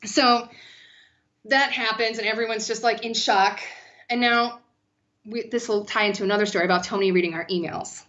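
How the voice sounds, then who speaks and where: A woman guest telling animated, profane stories in a casual podcast chat, peppering her talk with "like.". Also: fairly high pitch, normal speed, highs cut off. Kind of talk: casual storytelling.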